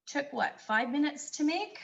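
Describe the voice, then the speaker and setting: A woman's voice: high-pitched, lively intonation, a little slow, vocal fry, highs cut off. A woman from Canada giving a casual cooking demonstration in a community kitchen, chatty and enthusiastic as she tells stories.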